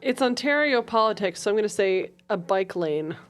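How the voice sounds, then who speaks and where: A woman on a comedy podcast panel, delivering dry quick one-liners. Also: medium pitch, animated. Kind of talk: casual comedic panel chat.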